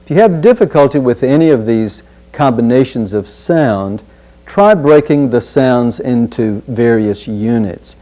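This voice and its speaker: Slow, careful male speech teacher. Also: mid-range voice, lively intonation, warm tone. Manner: slow, deliberate, repeats each word carefully. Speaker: speech instructor. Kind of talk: pronunciation drill lesson.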